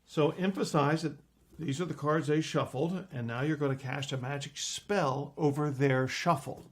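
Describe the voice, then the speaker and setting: A middle-aged man lecturing on card magic, playfully acting out his patter with big jumps in pitch. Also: normal speed, breathy edge.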